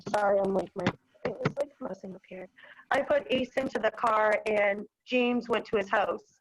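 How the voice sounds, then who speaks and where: A woman's voice: medium pitch, moderate pace, low-quality recording. A young woman from Massachusetts telling a town board about an incident over a video call, rambling with lots of "like" and "you know". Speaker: dog owner at a hearing.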